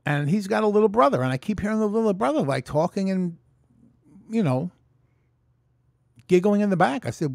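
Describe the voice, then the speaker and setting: New man, cursing storyteller, fairly high voice, dry close mic, home vlog. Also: fairly quick, gravelly, long pauses, dry recording. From New York. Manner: profane, animated storytelling. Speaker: vlogger. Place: room at home. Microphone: close mic in front.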